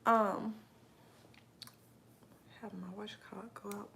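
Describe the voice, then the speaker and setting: A young woman talking casually on a live stream, pausing often to read and answer comments from her viewers. Her voice sits at an ordinary middle pitch, and her talk wanders with fillers and asides. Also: level tone, pushed and bright. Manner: chatty, rambling, answers chat comments.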